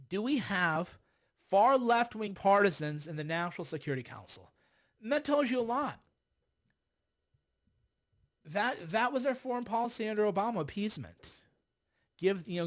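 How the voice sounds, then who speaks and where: A middle-aged man with a high-pitched voice hosts a political livestream. He sounds sarcastic and exasperated, sighs often, and mocks the people he talks about. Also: expressive, moderate pace, long pauses. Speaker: livestream host.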